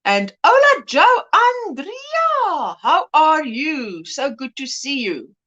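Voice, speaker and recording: A woman's voice: high-pitched, big pitch swings, takes it slowly, bright, forceful tone, muffled recording. A woman hosting a casual livestream chat, greeting viewers by name and laughing often. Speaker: livestream host.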